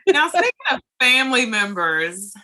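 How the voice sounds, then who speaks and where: A woman's voice: a little high, very animated, moderate pace, sharp tone. A woman hosting a casual conversation, telling a personal story in a chatty way and mimicking what others said. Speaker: host. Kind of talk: casual chat.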